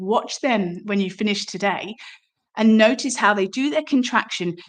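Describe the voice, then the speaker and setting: A woman teaches somatic movement in an explanatory, engaging way. She keeps pulling the listener in with questions like a friendly instructor. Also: mid-range voice.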